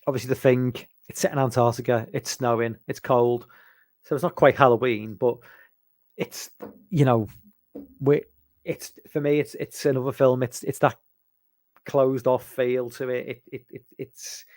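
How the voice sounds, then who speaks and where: A man's voice: mid-range voice, steady tone, normal speed, a little mellow, dry recording. A man from England chatting casually about horror films, rambling and hesitant, with lots of ums and restarts. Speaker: podcast host.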